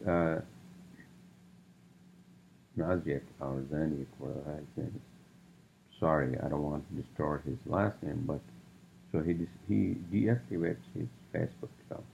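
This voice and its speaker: Male solo podcast host, very low and gravelly, profane rambling rants, dull recording. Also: unhurried, pauses often, darkish tone. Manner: profane, ranting, rambling with many fillers. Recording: dull lo-fi sound with faint noise.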